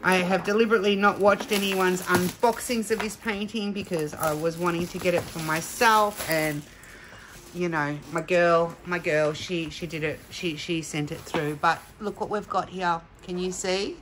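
A woman's voice: fairly low pitch, fairly even intonation, moderate pace, background noise. Gushing, chatty woman. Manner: gushing, emotional, chatty with laughs. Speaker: crafting vlogger. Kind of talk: casual unboxing chat.

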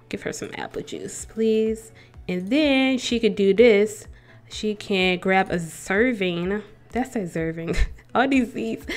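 A woman's voice: medium pitch, clean tone. Young woman, let's play host, chatty commentary over faint game music. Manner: chatty, talks to the game characters and viewers. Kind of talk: casual gameplay commentary.

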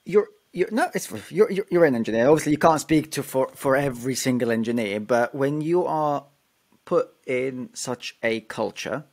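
A man's voice: mid-range voice, animated, normal speed. A man hosting a tech podcast, asking probing questions in a conversational way. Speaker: podcast host, interviewer. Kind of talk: interview questions.

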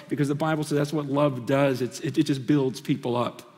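A man preaching a conference sermon, impassioned and swinging between loud and hushed, often stammering and restarting phrases. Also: medium pitch, fairly even intonation, brisk, few pauses. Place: conference hall. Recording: long reverb of a large hall.

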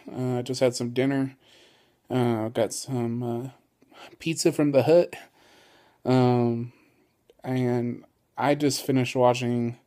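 A man chatting casually to camera as a vlogger, easygoing and rambling with many ums and uhs. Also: medium pitch. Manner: excitable, gushing. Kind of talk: casual vlog chat.

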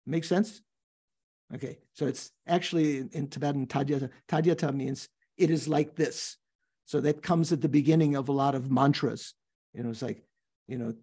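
Husky, mellow-voiced older male teacher. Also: a little high, steady tone. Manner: thoughtful, halting, with restarts and questions to students. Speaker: Buddhist teacher. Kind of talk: teaching a recorded class, reading and explaining a text.

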